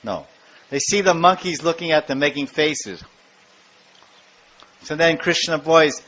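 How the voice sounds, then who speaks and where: A man giving a devotional lecture, telling stories in an animated way and acting out the scenes. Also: fairly high pitch, measured pace, long pauses, a little hiss or hum. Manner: animated storytelling, acts out scenes. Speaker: spiritual lecturer. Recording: dull lo-fi lecture recording.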